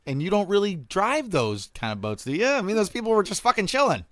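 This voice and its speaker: A man's voice: sits high, huge pitch swings, fast, no echo, clean studio sound. A man hosting a podcast, laid-back, swearing freely in casual chat. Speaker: podcast host.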